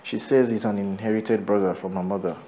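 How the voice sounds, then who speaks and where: A man's voice: on the low side, steady tone, fairly quick, warm tone, a little hiss or hum, natural voice. An actor with a Nigerian accent playing a worried husband who confides his unease about his wife to a friend. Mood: uneasy.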